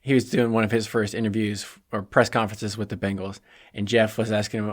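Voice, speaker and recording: A man's voice: on the low side, flat delivery, quick pace. A man hosting a solo sports preview podcast, talking casually and chattily with joking asides. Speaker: podcast host.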